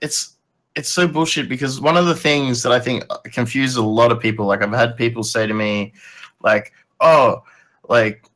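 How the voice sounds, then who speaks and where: A man in a casual podcast chat, halting and full of fillers, with a sarcastic edge. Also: medium pitch, fairly even intonation, fairly bright tone.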